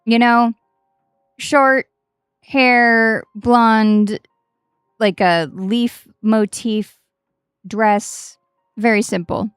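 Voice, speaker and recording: Chatty swearing woman streamer, smooth voice. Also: a little high, no echo, clean studio sound. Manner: chatty, swears freely, self-mocking. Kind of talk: casual storytelling while gaming.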